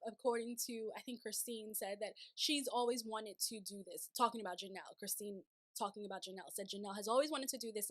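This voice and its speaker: A woman hosting a casual recap of a TV show, chatty and animated, slipping into playful voices when she paraphrases. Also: medium pitch, no room sound. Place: city home, sirens outside.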